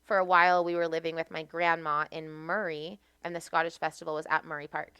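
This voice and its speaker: A woman with an American accent tells stories in an animated, easy way. Her voice is low for a woman, but bright and crisp, and the recording is dry and close. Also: brisk, dry recording. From United States. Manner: animated, laughs often while telling stories. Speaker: podcast guest. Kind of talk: casual storytelling.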